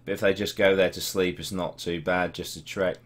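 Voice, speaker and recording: A young man with a Norwich accent and a low, deep voice chats on a live stream. He reads out viewers' comments in laddish banter and swears freely. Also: level tone, brisk, fairly bright tone. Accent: English, Norwich. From Norwich, England. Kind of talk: casual live-stream chat reading comments.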